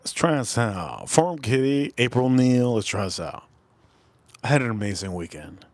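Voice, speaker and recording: Man, live stream host, middle pitch, rambling and repetitive, dry close recording. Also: sing-song, normal speed, dry recording. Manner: repetitive, loose and chatty, calling out viewer names. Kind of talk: casual live stream chat.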